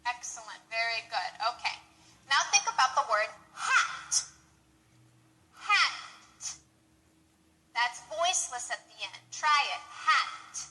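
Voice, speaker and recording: A woman teaching English pronunciation to Spanish speakers, patient and encouraging, modeling each word slowly and clearly. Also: on the high side, expressive, sharp tone, rough recording. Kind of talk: slow, clear pronunciation lesson.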